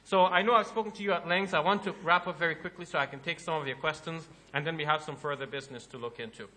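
A man lectures an audience in a hall, animated and rhetorical, building his case through questions. His voice sits high and sounds bright and forceful. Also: fast, a little hiss or hum. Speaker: Islamic lecturer.

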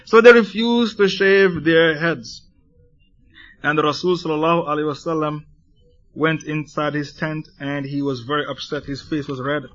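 Forceful high-voiced male preacher. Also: moderate pace, muffled recording. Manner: animated, rhetorical questions, acts out quotes. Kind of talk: sermon to a congregation.

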